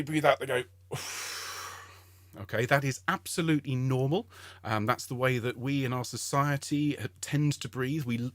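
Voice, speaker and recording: Middle-aged male choir leader, patient and encouraging, close dry sound, mid pitch. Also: no echo. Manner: encouraging, patient, explains step by step with frequent "okay?". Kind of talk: online singing warm-up lesson.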